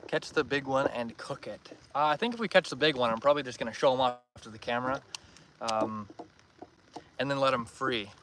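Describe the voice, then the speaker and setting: A young man from Northern Ontario chats casually while fishing, answering viewers in a mid-pitched, relaxed voice. He's outdoors on a lake, and heavy wind rushes across the phone mic throughout. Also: recorded from a distance. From Northern Ontario, Canada. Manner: relaxed, chatty, reads and answers viewer comments. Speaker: fishing livestreamer. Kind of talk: casual live-stream chat. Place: outdoors by a lake on a windy day. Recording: loud wind noise over outdoor mic.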